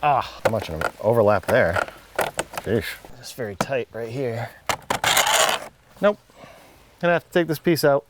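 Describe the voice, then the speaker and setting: A man's voice: medium pitch, sing-song, unhurried, long pauses, heavy background noise. A man hosting home repair videos, chatting casually and muttering in an exasperated, self-mocking way while he works outdoors.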